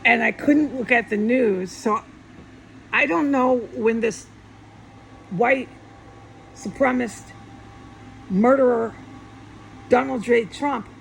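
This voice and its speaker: Agitated woman with a gravelly voice. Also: on the high side, slow, long pauses, a little hiss or hum, low-quality recording. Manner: profane, agitated, repetitive. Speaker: vlogger. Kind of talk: angry monologue rant. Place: alone at home.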